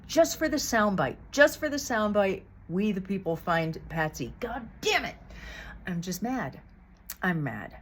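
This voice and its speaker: A woman's voice: medium pitch, sing-song, unhurried, fairly bright tone, husky. A woman vlogger giving blunt, heated commentary to the camera, swearing often. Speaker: true crime vlogger. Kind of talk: casual opinionated commentary.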